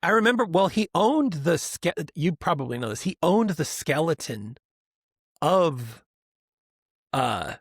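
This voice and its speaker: A man co-hosting a podcast in casual chat, rambling and animated, often mimicking other people's voices for laughs. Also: a little high, slow, breathy edge, no room sound, studio quality. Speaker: podcast co-host.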